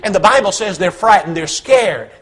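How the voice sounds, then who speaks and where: A man's voice: high-pitched, animated, normal speed, breathy edge. A man preaching a sermon, telling a Bible story with humor and acted-out voices.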